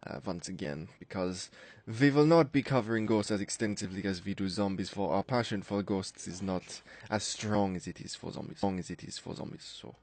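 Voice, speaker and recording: A man's voice: low-pitched, darkish tone. A man doing a put-on mock German accent that sounds half Jamaican, voicing a pompous, self-important man who lectures about his own uniqueness.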